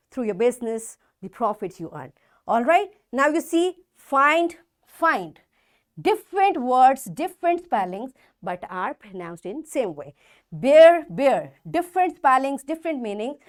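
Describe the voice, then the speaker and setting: A woman teacher with a fairly high voice leads a school lesson, spelling words letter by letter. Her pitch swings widely as she stresses each example. She talks deliberately, repeating points for young pupils. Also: a little mellow. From Pakistan. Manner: slow, emphatic spelling out of words. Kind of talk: classroom lesson.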